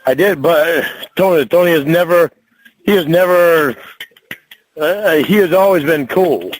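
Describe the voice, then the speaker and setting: Somewhat high and unhurried, this man's voice is on a low-quality recording. A trucker in a heated argument at home, he swears nonstop, rambles, and stumbles through restarts.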